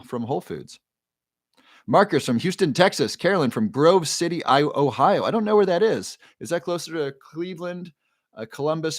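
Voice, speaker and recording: A man of forty hosting a casual livestream, reading viewer comments aloud and greeting each by name in an upbeat way. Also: mid-range voice. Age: 40s. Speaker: livestream host.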